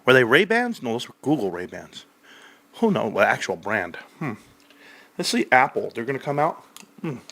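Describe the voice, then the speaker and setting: A man's voice: mid-range voice, big pitch swings, normal speed, gravelly, a bit bright. A man talking into a desk microphone on a casual stock-market stream, joking crudely and boastfully as he rambles. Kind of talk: casual rambling livestream chat.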